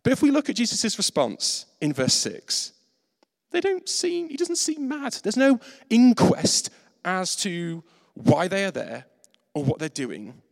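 A man preaching a sermon, animated and self-mocking, acting out the voices in his stories. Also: sits high, measured pace, gravelly. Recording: reverberant hall.

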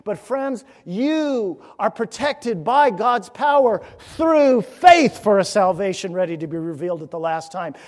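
A fairly high-voiced male pastor preaching in a church sanctuary, his words ringing out with a long, echoing reverb. He pleads and exhorts, firing off rhetorical questions, then drops to hushed near-whispers before building back up to loud emphasis. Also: animated, measured pace, few pauses. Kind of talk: sermon.

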